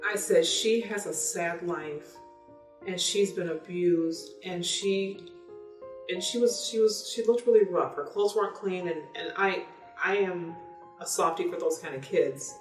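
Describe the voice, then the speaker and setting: A parent vlogger tells a story casually, candidly and with animation, quoting dialogue as she goes. Her lowish voice is unhurried and comes from off-mic in an echoey room, with faint music in the background.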